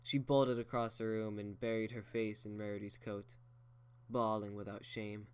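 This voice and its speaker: Guy reading a story out loud, slow and steady, smooth voice. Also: on the low side. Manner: slow and measured. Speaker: reader. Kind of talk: fan fiction read aloud.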